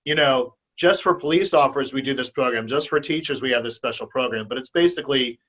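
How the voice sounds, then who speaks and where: A man's voice: medium pitch, quick pace, fairly bright tone. Guy cutting in on a video call, dull far-off sound. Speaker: team member on the call.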